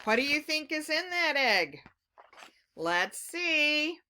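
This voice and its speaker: A woman reading a picture book aloud to young children, gently asking them questions as she goes. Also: sits high, big pitch swings, slow pace. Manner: gentle, encouraging, asks the listener questions. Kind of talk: read-aloud story lesson for kids.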